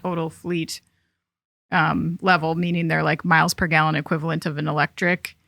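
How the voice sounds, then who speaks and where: A woman's voice: sits low, little pitch movement, moderate pace, vocal fry, a bit bright, dry recording, studio quality. A woman co-hosting a manufacturing news podcast, chatting casually with many fillers and laughing often. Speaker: podcast co-host. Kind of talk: casual chat.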